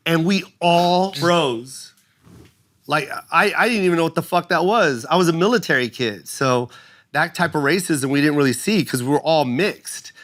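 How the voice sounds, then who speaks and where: A man's voice: fairly high pitch, normal speed, a bit bright. Profane storytelling man in his fifties. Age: 50s. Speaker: guest comedian. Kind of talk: podcast conversation.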